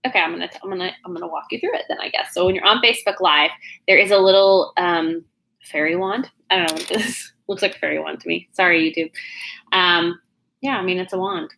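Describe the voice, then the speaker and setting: A woman's voice: on the low side, quick pace, creaky, bright, forceful tone, rough recording. A woman from Oklahoma with a Southern accent, a business coach chatting casually and bubbly on a livestream, rambling with fillers. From Oklahoma, USA. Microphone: no external mic plugged in.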